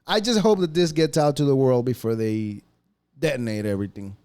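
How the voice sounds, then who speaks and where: A man's voice: mid-range voice, brisk, a little mellow. A man hosting a podcast, ranting casually in a profane, mocking way. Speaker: podcast host. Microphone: podcast mic.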